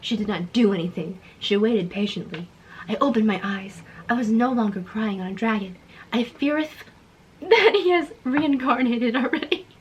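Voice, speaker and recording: A woman's voice: a little high, lively intonation, moderate pace, slight background noise, rough recording. A young woman reading her old childhood story aloud, amused, with joking asides and dramatic voices. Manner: amused, reads with dramatic voices, cracks up laughing.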